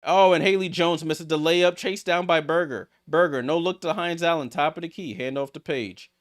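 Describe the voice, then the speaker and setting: A man hosting a live watchalong stream, calling basketball play-by-play and reacting excitedly to each play. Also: on the high side, moderate pace. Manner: excitable, rattles off passes, reacts aloud. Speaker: watchalong host.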